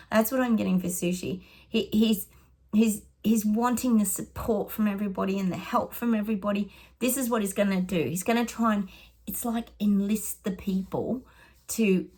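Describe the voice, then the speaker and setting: A woman's voice: mid-range voice, a little mellow. A middle-aged Australian woman, a psychic giving casual predictions, chatty and sarcastic, often laughing.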